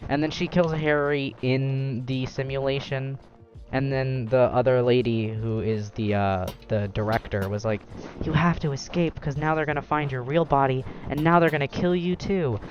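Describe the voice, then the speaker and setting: A young man hosts a casual gaming chat, rambling loosely and throwing in lively acted-out quotes. His voice comes through slightly muffled, with game music playing faintly underneath. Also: medium pitch, moderate pace. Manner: animated, rambling, acts out quotes. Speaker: gaming channel host.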